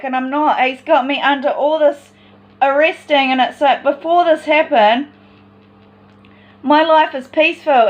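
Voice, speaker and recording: A woman's voice: high voice, muffled recording. A woman in a personal vlog monologue, talking in an agitated, rambling and distressed way.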